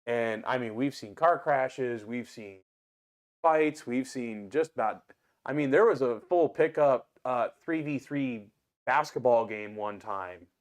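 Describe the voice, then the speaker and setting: A man with an Ohio accent, a restaurant owner and guest, telling stories in an animated, casual way and swearing freely. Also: mid-range voice, measured pace. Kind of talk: casual storytelling.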